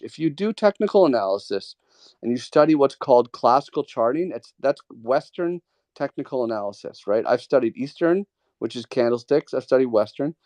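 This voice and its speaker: A man's voice: mid-range voice, a little mellow, no echo. A man hosting a live trading Q&A, talking casually and coaching callers with emphatic, repeated points. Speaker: host of a trading Q&A. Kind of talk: casual mentoring talk.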